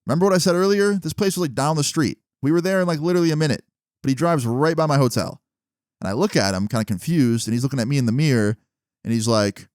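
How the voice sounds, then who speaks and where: A young adult man, a vlogger telling a story in a casual way, animated and exasperated, with plenty of swearing. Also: medium pitch, quick pace, no echo, clean studio sound.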